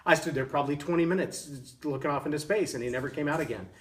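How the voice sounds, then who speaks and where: A man's voice: fairly high pitch, fast talker, a bit bright, far from the mic. A middle-aged man from Texas, hosting a motivational talk and telling a story in an earnest way, often restarting his words. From Texas, USA. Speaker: show host giving leadership lessons.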